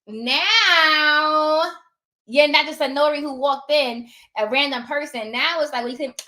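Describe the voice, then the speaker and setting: A chatty woman with a high, bright voice gives casual, rambling advice, slipping into animated bits of acted dialogue. She sounds a little tired. The room around her is echoey. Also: measured pace. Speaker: notary.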